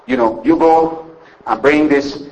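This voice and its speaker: A man's voice: fairly high pitch, expressive, a little slow, vocal fry, darkish tone, muffled recording. A man voicing a stern governor who questions strangers, in a plain retelling manner. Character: stern disguised male governor testing strangers.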